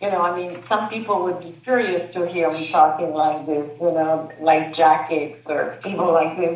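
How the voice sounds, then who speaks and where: A woman's voice: lowish voice, fairly even intonation, moderate pace. A woman filmmaker answering in a panel Q&A, hesitant and searching for her words with many fillers. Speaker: filmmaker answering audience questions. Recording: distant, echoey, phone-like sound.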